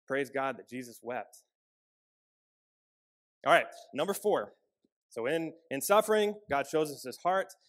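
A man delivers a sermon in an earnest, personal way, speaking with a slightly high voice. He stresses some lines loudly and drops others to a near hush. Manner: earnest, personal storytelling with shifts between loud emphasis and quiet, soft passages. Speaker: pastor.

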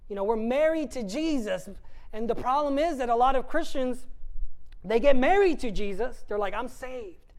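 A woman's voice: on the high side, lively intonation, moderate pace, a little mellow, rough recording. Woman preaching a casual, emphatic sermon. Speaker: guest preacher. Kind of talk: conversational sermon.

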